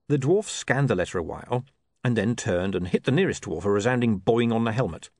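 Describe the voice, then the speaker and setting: A man's voice: on the low side, expressive, a little fast, darkish tone, no echo. A man reading a comic novel aloud as narrator, with wry, dry storytelling. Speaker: audiobook narrator. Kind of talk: scripted narration.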